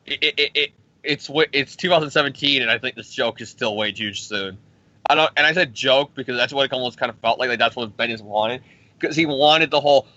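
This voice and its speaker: A man's voice: mid-range voice, steady tone, fast talker, pushed and bright, no room sound, dull audio. A man hosting a comics podcast, recapping a storyline in a profane, sarcastic way and stumbling over restarts. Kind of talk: casual comic recap with put-on voices.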